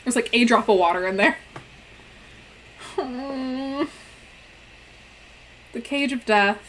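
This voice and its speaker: A woman streamer reacting live to a game, emotional and swearing, her throat hoarse. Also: fairly high pitch, takes it slowly, fairly bright tone, a little hiss or hum. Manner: emotional, swearing, laughing through tears.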